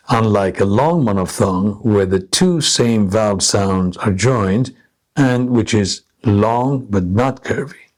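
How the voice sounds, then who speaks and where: A man narrating a scripted English lesson, explaining pronunciation slowly and deliberately. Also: on the low side, darkish tone. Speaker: English teacher.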